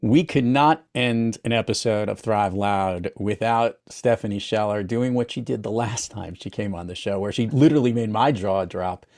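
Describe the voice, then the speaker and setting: A man with a fairly low voice hosts an interview podcast. He sounds upbeat and enthusiastic, and he often turns to speak straight to his listeners. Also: normal speed, hardly any pauses, a little mellow. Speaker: podcast host. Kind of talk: casual interview chat.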